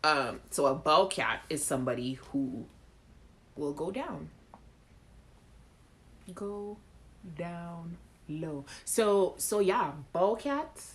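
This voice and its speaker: A woman's voice: lowish voice, animated, takes it slowly, long pauses. A woman hosting a live chat show, talking casually to viewers, reading out their comments and laughing. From Caribbean.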